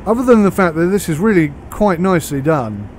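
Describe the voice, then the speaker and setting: A man's voice: high voice, very animated, a little fast, darkish tone, slight background noise. A British man giving a casual, rambling commentary on a train game as he plays, thinking aloud. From United Kingdom. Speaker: game reviewer.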